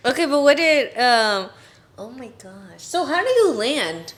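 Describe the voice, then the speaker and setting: A woman's voice: sits high, big pitch swings, measured pace, fairly bright tone. A woman co-hosting in casual chat, reacting and asking short curious questions.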